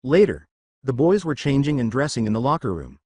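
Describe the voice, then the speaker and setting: A man narrates a fan fiction story in a steady storybook manner. His pitch rises and falls freely. The recording is dry and close, with no room sound. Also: a little fast, slightly rough, no echo.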